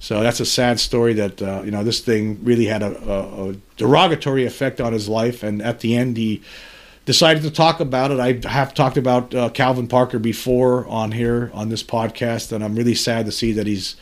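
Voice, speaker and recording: A male podcast host who reads news stories aloud and then breaks off to comment on them. His commentary is earnest and somber, and his voice sits at an ordinary middle pitch. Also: steady tone, moderate pace. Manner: earnest, somber commentary between read passages. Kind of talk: reading news articles aloud with personal commentary.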